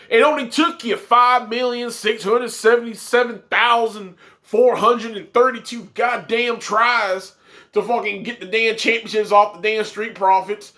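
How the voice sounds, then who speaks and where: A man's voice: sits high, normal speed, bright, forceful tone. A man reviewing a wrestling show, ranting with profane, exasperated commentary.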